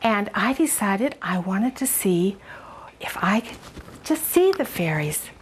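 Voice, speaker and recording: An older woman leads a storytelling and cooking demonstration for children and talks to them like a doting grandmother. She takes her time over each phrase, and her voice swoops high and low in a lively sing-song. A faint hiss of noise sits under the voice. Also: takes it slowly. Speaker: children's show host.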